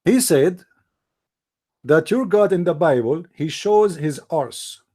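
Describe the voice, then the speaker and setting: A man's voice: fairly high pitch, lively intonation, takes it slowly, warm tone, dry recording. Sarcastic, taunting man streaming live. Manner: sarcastic, taunting, direct address to opponents. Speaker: religious debate streamer. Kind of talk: mocking live-stream polemic.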